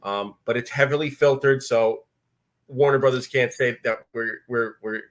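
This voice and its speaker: A man's voice: medium pitch, steady tone, normal speed. Matter-of-fact man co-hosting a commentary. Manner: matter-of-fact, brief replies, gives instructions. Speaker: podcast co-host. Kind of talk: casual commentary chat.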